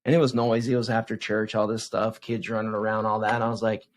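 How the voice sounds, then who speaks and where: A man in his forties, a youth evangelist, answering interview questions as an animated storyteller who keeps checking in with "right?". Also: lowish voice, fast.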